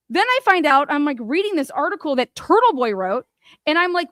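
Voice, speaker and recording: A woman's voice: high voice, very animated, a little fast, a bit bright, no echo, clean studio sound. A woman giving angry, profane commentary on a court case, firing rhetorical questions straight at the people she talks about. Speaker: commentary host.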